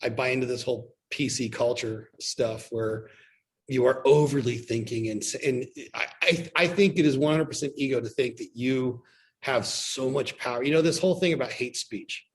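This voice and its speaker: A man's voice: medium pitch, normal speed. Opinionated man in casual podcast talk. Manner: opinionated, mixes in acted quotes. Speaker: podcast guest, restaurant owner.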